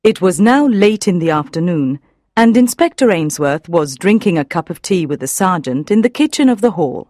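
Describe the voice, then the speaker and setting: A woman narrating an audiobook in a measured, even reading. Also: on the low side, no room sound, clean studio sound.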